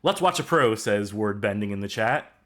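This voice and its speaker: A man's voice: on the low side, expressive, moderate pace, a bit bright. A man co-hosting a let's-play, guiding the player through the game with wry jokes. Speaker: co-host and game expert.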